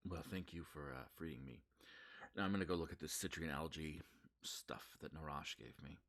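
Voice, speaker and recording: A man running a tabletop game as game master, talking in a relaxed, rambling way with plenty of fillers. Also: very deep voice, normal speed.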